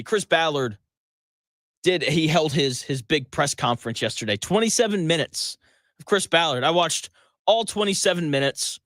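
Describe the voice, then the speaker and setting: A sports radio host speaks in a high-pitched male voice, sarcastic and exasperated, laughing often between points. The sound is dry and close, with no room echo. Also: a bit bright. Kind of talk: sports talk monologue.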